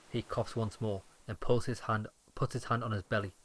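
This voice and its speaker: A man narrating game text aloud in a steady, plain reading voice. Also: fairly low pitch, normal speed. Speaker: let's-play narrator.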